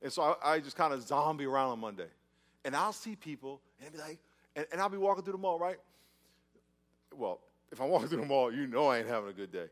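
A man's voice: fairly high pitch, fast. A male pastor preaching a sermon, telling stories with acted-out scenes, often repeating and restarting his words. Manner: animated storytelling, acts out scenes.

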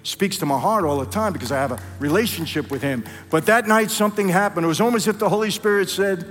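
A man preaches a personal testimony, his voice pitched high for a man. He tells his story dramatically, acting out voices and speaking straight to the congregation. The sound rings with a long reverb from a large hall, with faint music underneath. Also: animated, quick pace, hardly any pauses, fairly bright tone. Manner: dramatic storytelling, acts out dialogue, addresses crowd as "people". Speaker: guest speaker at a church. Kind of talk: testimony sermon.

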